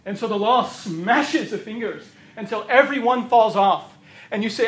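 A man preaching a sermon, emphatic and repeating phrases for stress, his voice going hoarse. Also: sits high, expressive, normal speed, a bit bright. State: losing his voice. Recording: roomy echo of a hall.

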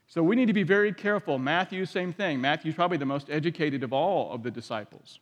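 A man with a high voice delivers a sermon in a relaxed, conversational way. He keeps checking in with his listeners through questions. His voice carries a long reverb. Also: fast, few pauses. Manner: conversational, asks the audience questions. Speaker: pastor.

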